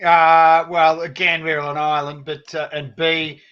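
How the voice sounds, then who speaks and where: A man's voice: a little high, level tone, a little slow, smooth, highs cut off. A man with an Australian accent, a comedian guest on a video call, blunt and hesitant with many fillers.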